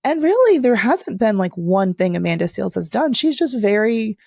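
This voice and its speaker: Woman, 30s, podcast co-host, gravelly low voice, dry studio mic, chatty. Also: normal speed, dry recording. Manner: chatty, animated storytelling. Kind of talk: casual chat.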